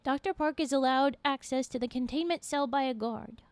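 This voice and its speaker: A woman streamer with a high voice reads a story aloud, breaking off for lively asides to her chat. She sits close to the microphone, and the sound is dry with no room around it. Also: normal speed, smooth, no echo. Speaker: streamer reading stories. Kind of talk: live-stream story reading.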